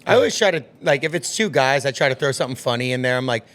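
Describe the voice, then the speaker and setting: A man hosting a casual podcast, joking and chiming in with quick agreement. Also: mid-range voice, lively intonation, fairly bright tone. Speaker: podcast host. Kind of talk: casual chat.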